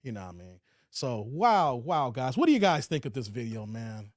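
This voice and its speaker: A medium-pitched, very animated man speaks at normal speed on a livestream, his studio-quality streaming audio free of room sound. Chatting casually, he reads viewer comments aloud with laid-back slang, regularly finishing lines with "man" or "y'all."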